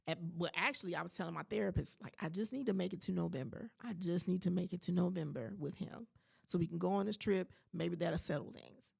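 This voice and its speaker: A woman in her forties hosting a podcast, telling a personal story in a casual, animated and emphatic way, talking straight to her listeners. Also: on the low side, creaky, breathy edge. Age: 40s. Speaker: podcast host.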